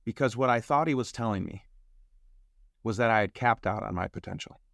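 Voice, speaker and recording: A man telling a personal story as a podcast guest, acting out the voices of other people and jumping up in pitch when excited. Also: a little fast, creaky, no room sound, clean studio sound. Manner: acts out quotes, rises sharply in pitch when excited. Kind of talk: animated storytelling.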